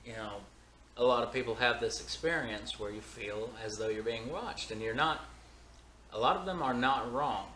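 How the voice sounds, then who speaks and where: A man co-hosting a casual chat, laid-back and agreeable, musing slowly, in a room of an old house. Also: mid-range voice, pushed and bright, slight background noise. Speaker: co-host, band member. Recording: echoey room, faint ambience.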